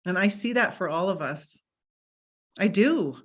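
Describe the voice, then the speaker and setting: A woman mindset coach on a video call, speaking calmly with encouragement. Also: medium pitch, measured pace.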